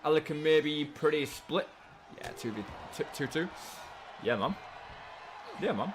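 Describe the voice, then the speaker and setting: An English man calls the action of a wrestling game on his live stream, talking in a casual, excitable way and swearing freely. His voice is fairly high and very animated, leaping up and down as he repeats himself. A faint noise sits under the voice. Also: unhurried, long pauses. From England. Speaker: streamer and commentator.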